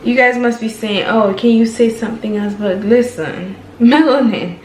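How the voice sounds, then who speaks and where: A woman's voice: on the high side, fairly even intonation, moderate pace, a little hiss or hum. A woman with a Jamaican accent hosting a casual reaction video, full of gushing, exclamatory praise. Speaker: host reacting to clips. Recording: echoey room.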